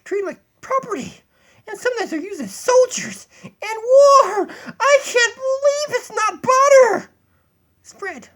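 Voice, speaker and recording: A man's voice: extremely high pitch, creaky, fairly bright tone, voice pushed up, exaggerated voice. A man voicing a bossy female puppet dog who calls herself empress, rambling and giddy with laughs, recorded on a tablet in a home kitchen. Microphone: tablet built-in mic.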